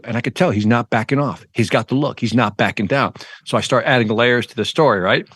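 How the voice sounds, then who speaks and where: A middle-aged sales trainer tells a story in an interview, voicing each character with lively jumps in tone. His voice sits at an ordinary pitch. The sound is dry and close, with no room echo. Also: fast, husky. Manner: animated, acts out the dialogue in his anecdotes. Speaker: sales trainer and motivational speaker.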